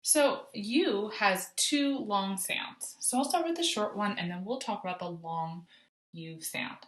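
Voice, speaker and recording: Teacher lady doing a phonics lesson for little kids, super slow and clear, echoey room. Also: mid-range voice, lively intonation. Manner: slow, clear modeling of sounds for kids to echo. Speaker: kindergarten teacher. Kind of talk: recorded phonics lesson for children. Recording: roomy echo.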